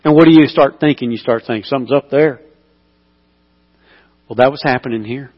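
A man preaching a sermon as pastor, telling stories with lively emphasis and dropping to a hushed voice. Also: mid-range voice, a little fast, breathy edge, lo-fi sound. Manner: animated storytelling, swings between loud emphasis and hushed intimacy. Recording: long hall reverb.

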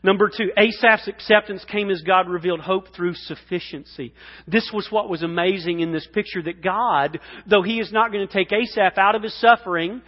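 A male pastor preaching a sermon, dropping to hushed whispers and rising to loud, impassioned cries. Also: sits high, normal speed. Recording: dull sound in a long-reverb hall.

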